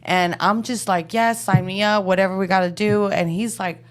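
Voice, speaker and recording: A woman's voice: mid-range voice, moderate pace. A woman with a Texan accent, co-hosting a podcast and telling stories in casual chat, acting out quotes with animation. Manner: animated storyteller, acts out quotes. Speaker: podcast co-host.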